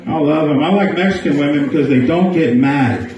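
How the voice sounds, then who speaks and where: A man's voice: on the high side, brisk, a little mellow, recorded from a distance. A man doing a crude live stand-up set in a small bar, riffing with the crowd. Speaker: stand-up comedian. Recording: echoey bar, mic heard from afar.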